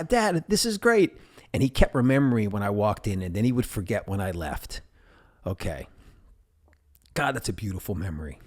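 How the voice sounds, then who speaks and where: A man hosting a podcast, telling personal stories in a casual, animated way and acting out the voices of the people in them. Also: low-pitched, slightly rough. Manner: animated, acts out quoted voices. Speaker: podcast host.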